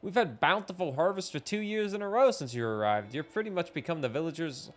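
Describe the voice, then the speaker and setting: A man's voice: a little high, expressive, fairly quick, pitched above the performer's own voice, close to an everyday voice. A man voicing a cheerful, caring village girl.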